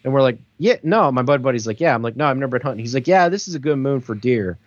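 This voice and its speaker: A man in his thirties tells a long story in a loose, rambling way, packing it with fillers. His voice sits at an average pitch. The sound is dry and slightly muffled, like a modest home recording. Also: animated, racing, no echo. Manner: rambling, many "like" fillers, laughs through the story. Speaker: podcast co-host. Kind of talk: casual storytelling chat.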